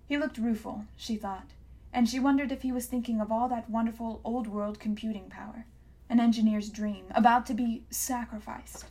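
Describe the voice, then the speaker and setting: A woman narrating an audiobook in a measured, hushed reading voice. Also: fairly high pitch, steady tone. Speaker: audiobook reader. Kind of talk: scripted narration.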